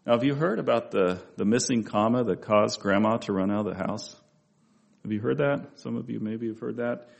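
A man's voice: on the low side, moderate pace, gravelly. A man preaching a conversational Bible-study sermon, with asides and restarts as he talks.

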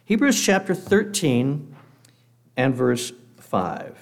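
A man giving a sermon to a congregation, earnest and measured, slowing down to read scripture aloud. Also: mid-range voice, very animated, darkish tone. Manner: guest speaker addressing a congregation. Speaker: preacher.

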